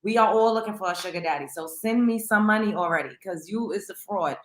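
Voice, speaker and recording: A woman's voice: medium pitch, brisk, echoey room. A woman hosting a casual livestream, talking chattily to her viewers. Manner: chatty, greets viewers by name. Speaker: livestream host.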